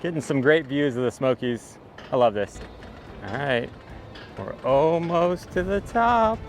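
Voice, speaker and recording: High-voiced man whooping on a coaster. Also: animated, measured pace, music in the background. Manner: whooping, exclaiming, laughing. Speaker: travel vlogger riding a coaster. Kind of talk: excited on-ride commentary. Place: outdoor mountain coaster.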